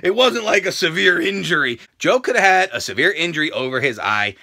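A man reviewing a wrestling show in a casual reaction video, swearing freely and bursting into shouts. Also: a little high, lively intonation, brisk, gravelly. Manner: profane, ranting, bursts into shouting.

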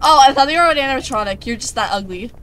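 A woman joking and teasing friends in voice chat while playing a horror game, with loud exclamations. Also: sits high, animated, rapid-fire. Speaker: gamer in voice chat. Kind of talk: casual gaming chat.

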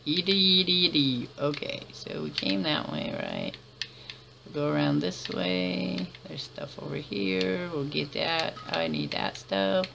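A woman's voice: sits low, very animated, slow, creaky, background noise. A woman giving chatty let's-play commentary, laughing often and muttering to herself as she plays. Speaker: gamer.

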